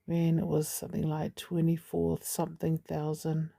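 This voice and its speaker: Woman vlogger, low and gravelly, casual rambling update to camera. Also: monotone, moderate pace, mellow. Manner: chatty, rambling, with frequent asides. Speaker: channel host.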